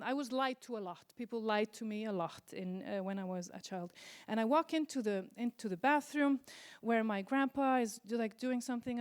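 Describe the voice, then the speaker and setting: A woman's voice: a little high, clear, resonant tone. Icelandic woman doing stand-up. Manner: deadpan storytelling with exaggerated quoted voices. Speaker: stand-up comedian. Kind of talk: stand-up routine. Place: convention stage before an audience.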